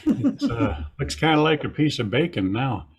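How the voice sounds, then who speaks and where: A man's voice: mid-range voice, big pitch swings, normal speed. An older man doing a dry, self-deprecating stand-up set over a video call. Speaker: stand-up comedian.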